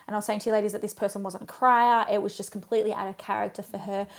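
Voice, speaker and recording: A woman's voice: medium pitch, flat delivery, very fast, creaky. A woman with an Australian accent, a physiotherapist guest in casual podcast chat, telling stories chattily and laughing as she goes.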